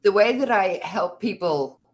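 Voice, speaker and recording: A woman's voice: mid-range voice, animated, measured pace. A woman visiting a club meeting as a former member, introducing herself in a friendly, chatty way. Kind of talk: casual self-introduction.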